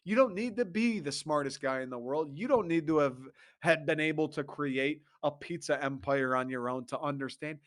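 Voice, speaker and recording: A man's voice: a little high, animated, moderate pace. A young man, host of a sports talk show, ranting with profane exasperation and mocking laughs. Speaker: podcast host.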